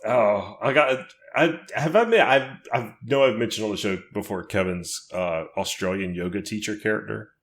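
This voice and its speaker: A man's voice: on the low side, normal speed, few pauses, a bit bright. A man co-hosting a horror podcast in casual chat, laughing often and reading release listings aloud. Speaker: podcast co-host.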